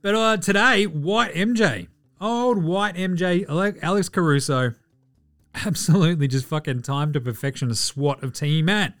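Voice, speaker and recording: Speaking at a normal speed in a slightly high, slightly bright voice, an Australian man hosts a casual sports podcast. He cracks profane jokes through player stats and mimics the players in quick asides.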